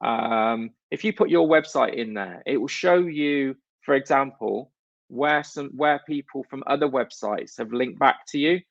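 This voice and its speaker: A man's voice: mid-range voice, a little slow, gravelly, dry recording, highs cut off. A man from northern England giving a blunt, jokey, sweary conference talk on stage. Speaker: conference speaker.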